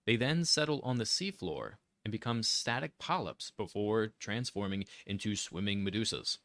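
A man's voice: fairly low pitch, lively intonation, moderate pace, fairly bright tone, no room sound. A man co-hosting a casual chat show, reading facts aloud with playful emphasis. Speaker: co-host.

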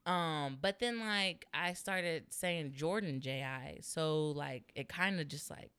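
This young woman, a twenties-aged stand-up comic, recounts a story in a relaxed interview, frequently laughing and dropping "like" everywhere. She speaks slowly in a low voice, fairly bright, clear and resonant, with no echo.

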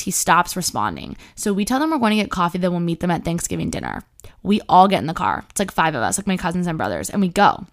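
A woman's voice: lowish voice, very animated, fast. Chatty young woman telling a story. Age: young adult. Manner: chatty, swears freely, many likes. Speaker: podcast host. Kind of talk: casual storytelling monologue.

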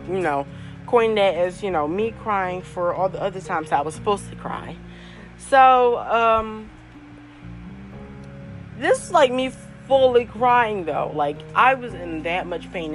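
A woman's voice: mid-range voice, a bit bright, low-quality recording. Chatty young woman telling a story. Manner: chatty, laughs often, many fillers. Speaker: podcast host. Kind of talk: casual storytelling monologue.

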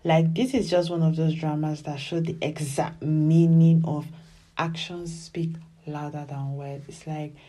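A woman giving casual, animated commentary as she reviews a television drama. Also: deep voice, a little slow. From Nigeria. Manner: animated and emphatic, often acts out dialogue.

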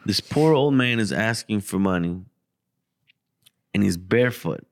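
A man co-hosting a podcast, telling a story in casual, profane, animated chat. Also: a little slow. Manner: animated, profane, gets loud and high when acting out the story. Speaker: podcast co-host.

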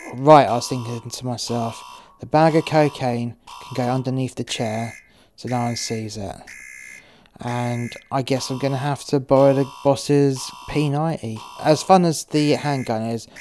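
A man's voice: medium pitch, a little mellow, slight background noise. A man narrating a first-person crime story, swearing freely with rambling, wry asides.

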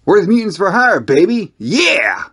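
Guy doing a brash cocky mutant dude, bouncy lively voice, snaps at everyone. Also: mid-range voice, moderate pace, no room sound. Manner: cocky, snappy, crude.

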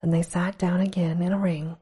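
A woman reading a storybook aloud in a hushed, slow whisper, as whispered role-play. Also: lowish voice, flat delivery, slightly rough. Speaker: storybook reader.

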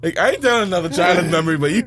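A man telling a wild childhood story in a slangy, excitable way, shouting at the big moments. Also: sits high, very fast. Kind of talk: animated casual storytelling.

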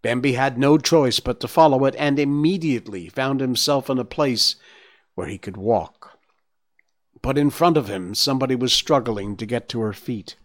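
Man reading a storybook aloud. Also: medium pitch. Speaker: narrator. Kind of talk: audiobook reading.

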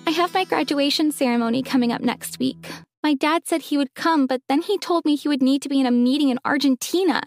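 A woman voicing a lonely young heiress who speaks brightly and emotionally. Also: high-pitched, a little fast, no echo, faint music behind, voice pushed up. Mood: sad. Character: cheerful young rich girl, lonely.

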